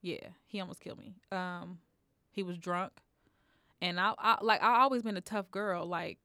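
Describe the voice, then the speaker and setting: A woman comedian telling a personal story in conversation, lively and acting out the people she quotes. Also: lowish voice, moderate pace, no room sound. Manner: animated, acts out quoted voices. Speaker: guest, comedian.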